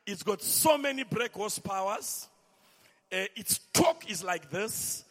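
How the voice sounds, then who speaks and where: A preacher with a strikingly high voice delivers an impassioned sermon at a slow, deliberate pace. His lines rise into sing-song shouts and calls for amens. A long reverb trails every phrase. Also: animated.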